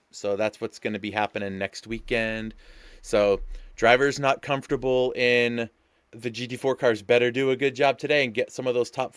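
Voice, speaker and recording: A man's voice: mid-range voice, a bit bright, clean tone, dry recording. A man hosting a live sim-racing stream, chatty and loose with lots of fillers, hyped up and talking to his viewers. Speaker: race host and commentator. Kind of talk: live-stream race commentary.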